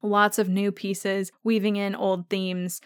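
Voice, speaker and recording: A woman's voice: medium pitch, flat delivery, smooth, no room sound. Gushing woman podcast host, dry close sound. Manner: gushing and enthusiastic, speeding up in rushes. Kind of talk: casual fan podcast commentary.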